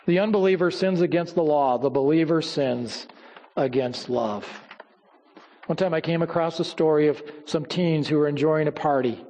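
A man preaching a sermon, telling stories and quoting scripture, often dropping low and quiet for emphasis. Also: moderate pace, in a large hall, slight background noise. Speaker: pastor.

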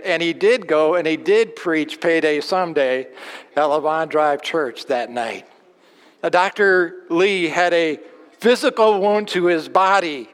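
Male pastor, sermon, resonant high tenor, long hall reverb. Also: clear, resonant tone. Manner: earnest, repeats words, slows on key phrases. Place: church sanctuary.

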